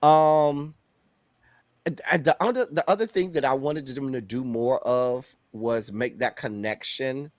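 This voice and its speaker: A man from Miami with a Miami accent talks through a film in a relaxed, earnest way, circling back and restarting as he thinks. His voice sits in an ordinary middle register, and the recording is close and dry with no room sound. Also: medium pitch, measured pace, no room sound. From Miami, Florida. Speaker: guest reviewer. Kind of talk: casual movie discussion.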